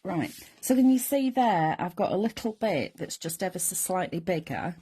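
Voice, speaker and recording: A woman's voice: lowish voice, expressive, normal speed, dark tone, slightly rough. A middle-aged woman chattily talking through a papercraft demonstration step by step and chatting with viewers. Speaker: craft demonstrator. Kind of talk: chatty live crafting demonstration.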